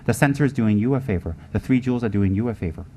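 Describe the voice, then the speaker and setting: A man's voice: lowish voice, animated, rapid-fire, darkish tone. A man giving a Buddhist teaching in an emphatic manner, repeating his points and asking rhetorical questions. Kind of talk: Dharma teaching.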